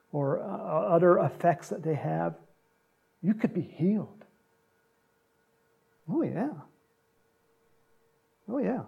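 A man preaching a sermon, retelling a gospel story with animated storytelling and acted-out lines. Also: on the high side, creaky, slightly rough, muffled recording. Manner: animated storytelling, acts out quotes, laughs often.

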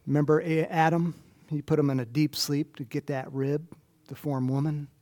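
Chatty male preacher, fairly high voice. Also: flat delivery, moderate pace, dark tone. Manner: chatty, self-deprecating, laughs often. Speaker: pastor. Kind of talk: conversational sermon.

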